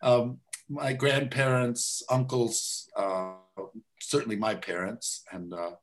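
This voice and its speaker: A man from the United States with a Midwestern accent, a conductor telling relaxed, wry stories in an interview. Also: medium pitch, slow, soft background music. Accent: American Midwest. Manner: relaxed, wry, reflective storytelling. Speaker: guest conductor. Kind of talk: casual interview chat.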